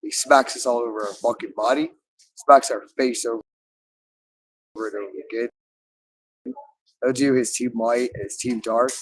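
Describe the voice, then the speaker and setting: A man's voice: medium pitch, fairly even intonation, moderate pace, pauses often, low-quality recording. Repetitive, profane man in a monologue. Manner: repetitive, loops phrases over and over; profane, with frequent swearing. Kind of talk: rambling spoken monologue.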